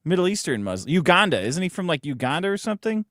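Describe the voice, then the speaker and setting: A man's voice: sits high, sing-song, fast talker, fairly bright tone, dry recording, studio quality. A man co-hosting a podcast, tossing in blunt, wry remarks in casual chat. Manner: wry interjections, blunt opinions. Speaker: podcast co-host.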